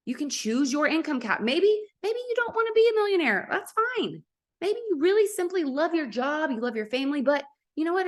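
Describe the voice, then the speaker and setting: Woman in her thirties, slightly high voice, upbeat and direct; motivational sales pitch. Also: fairly bright tone. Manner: upbeat, addresses the audience directly. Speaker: network marketing ambassador.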